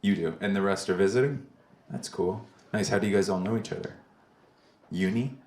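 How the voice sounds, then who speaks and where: A man's voice: sits low, a little fast, a little mellow. A male stand-up comedian doing a club set, rambling and self-deprecating, chatting with the crowd between jokes. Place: comedy club basement stage. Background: audience laughter.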